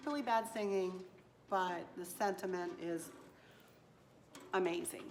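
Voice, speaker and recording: A hoarse woman chatting casually to her viewers as a home decor vlogger, gushing and affectionate, rambling from one thought to the next. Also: lowish voice, a little slow, long pauses, faint music behind.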